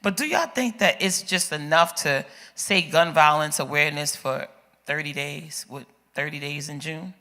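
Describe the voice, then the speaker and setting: A man's voice: a little high, normal speed, sharp tone. A man moderating an open-mic community forum, putting pointed questions to the audience and calling people up to speak. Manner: asks the audience pointed questions, urging them up. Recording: echoey hall.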